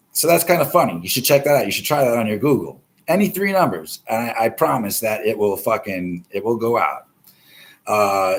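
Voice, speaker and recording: A man hosting a live stream, chatting casually about the news in a rambling, heavily profane way. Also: mid-range voice. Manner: profane, rambling, swears constantly.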